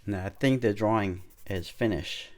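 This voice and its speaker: Calm low-voiced man teaching drawing. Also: normal speed. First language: Chinese. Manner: calm, thinking aloud while drawing, non-native phrasing. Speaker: art teacher. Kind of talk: drawing demonstration.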